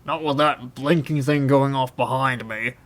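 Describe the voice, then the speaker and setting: A man's voice: mid-range voice, steady tone, moderate pace, natural voice. A man reading an audiobook, voicing a burly, blunt male barman who is flustered.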